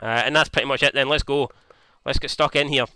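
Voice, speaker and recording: Bright excitable man commenting on a game. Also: medium pitch, fast, dry recording. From Scotland. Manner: excitable, swears freely, jokey. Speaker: gaming YouTuber.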